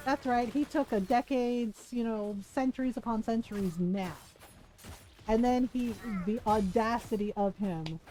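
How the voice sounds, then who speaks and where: A woman streaming games, talking in a loose, exasperated rant with plenty of swearing and laughter. Her voice sits a little high but has a soft, mellow tone. She acts out the characters she quotes as she complains. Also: poor audio. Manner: exasperated ranting, swears freely, laughs often. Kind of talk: casual live-stream gaming commentary.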